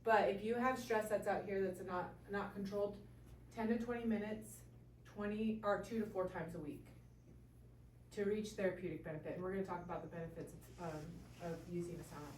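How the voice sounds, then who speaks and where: A woman's voice: mid-range voice, fairly even intonation, brisk, a little hiss or hum. A woman chiropractor explaining health topics to a small group, checking in with a frequent "okay?". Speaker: chiropractor giving a talk. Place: room with a small audience. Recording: echoey room, voice from far off.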